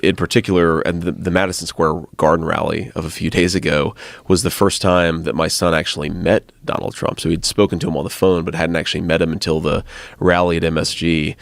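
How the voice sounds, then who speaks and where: A man's voice: low voice, level tone, fairly quick, gravelly, no echo. A middle-aged man, a podcast guest, telling casual anecdotes and often breaking into laughter. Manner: chatty anecdotes broken up with laughs. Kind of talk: casual storytelling conversation.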